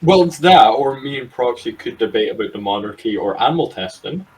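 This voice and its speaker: A Scottish man co-hosting a casual group podcast, teasing and joking with quick reactions. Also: medium pitch, expressive, darkish tone, slightly rough, low-quality recording. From Scotland. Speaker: podcast co-host.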